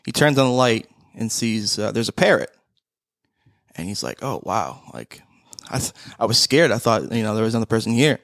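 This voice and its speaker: A man's voice: lowish voice, sing-song, a little fast, a bit bright, dry recording, clean studio sound. A young man in casual podcast chat, telling a joke and acting out the characters' lines. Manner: acts out dialogue, stumbles over the punchline.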